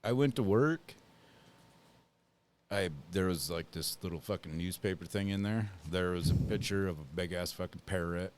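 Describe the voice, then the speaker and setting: A man's voice: low-pitched, normal speed, a little mellow, a little hiss or hum. A man co-hosting a podcast in casual chat, telling rambling stories full of swearing. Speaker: podcast co-host.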